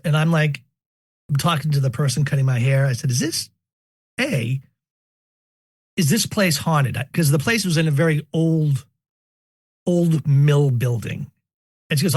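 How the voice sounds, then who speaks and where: A man casually telling personal paranormal stories, animated and joking, often repeating words as he goes. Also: on the high side, a little slow, long pauses, no room sound, clean studio sound. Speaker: podcast guest telling paranormal experiences. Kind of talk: casual storytelling.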